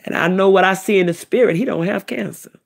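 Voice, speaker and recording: Middle-aged woman, emotional testimony, gravelly and husky, lively pitch. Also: fast. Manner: animated, repetitive storytelling. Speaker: vlogger, self-described prophetess.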